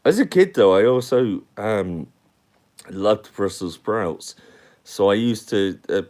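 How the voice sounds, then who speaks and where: Slow, deep-voiced man rambling. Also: animated, darkish tone. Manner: rambling, chatty, talks to the chat. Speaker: live streamer. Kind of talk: casual live-stream chat.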